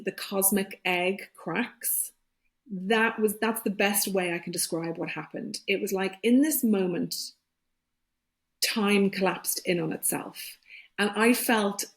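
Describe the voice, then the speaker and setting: A middle-aged woman, a podcast guest, telling a personal story in a reflective way, often pausing and restarting as she searches for words. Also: mid-range voice.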